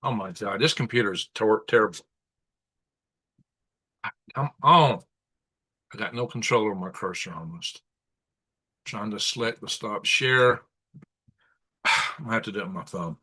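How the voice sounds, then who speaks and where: Man, live-stream host, bright voice, aggravated rambling rant, casual commentary, chuckles now and then. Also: lowish voice, normal speed, pauses often, slightly rough. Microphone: computer setup for live broadcast.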